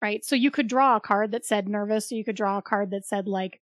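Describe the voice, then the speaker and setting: A woman's voice: medium pitch, brisk, no echo, clean studio sound. A young woman co-hosting a podcast, chatting casually with lots of likes and rights and easy laughs. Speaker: podcast co-host. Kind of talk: casual chat.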